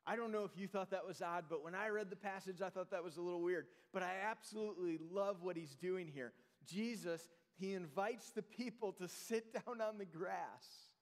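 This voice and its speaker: A man preaching a sermon as pastor, earnest, often dropping to a soft, slow voice for emphasis. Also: sits high. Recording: long hall reverb.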